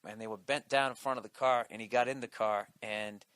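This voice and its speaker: A man's voice: fairly low pitch, fairly even intonation, fairly quick, a bit bright, smooth, no room sound. Profane, combative male comedian ranting. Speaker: comedian podcast host. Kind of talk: comedic rant.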